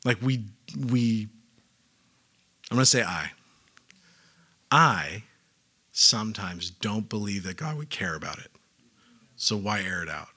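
A man's voice: lowish voice, slow pace, long pauses, slightly rough. A young pastor preaching in a casual, joking way, acting out little voices to make his points. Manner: animated, joking, acts out voices. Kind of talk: sermon.

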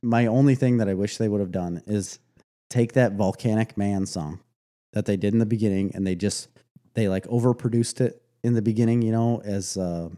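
A man chatting casually about a movie, retelling stories with animated laughs. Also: lowish voice, moderate pace. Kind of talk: casual movie review chat.

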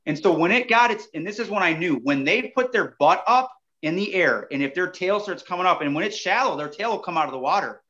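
Lively man telling a story, muffled audio. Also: sits high, brisk, few pauses. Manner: animated, addresses listeners as "you guys". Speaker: podcast guest. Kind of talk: casual storytelling.

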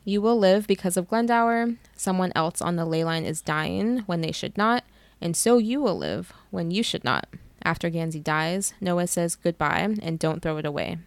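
A woman co-hosting a book podcast recaps the plot in a casual chat, swearing freely and laughing at her own reactions. Her voice sits on the low side with vocal fry, at a moderate pace, and the recording is dry.

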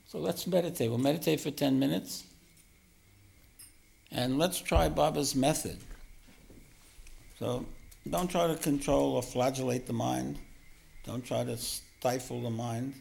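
Gentle, self-deprecating and frequently chuckling, a meditation teacher delivers a spiritual talk in a creaky, mid-range voice.

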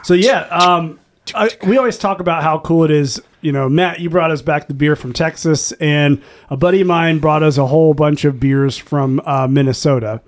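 A man's voice: a little high, moderate pace. A man hosting a casual beer-tasting podcast, telling rambling, easygoing stories. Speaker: podcast host.

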